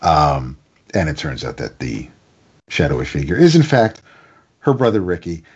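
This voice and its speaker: A man's voice: rumbling low, big pitch swings, normal speed, darkish tone, breathy edge, dull audio. A man casually reviewing a comic, recapping the plot in a rambling way with stammered restarts.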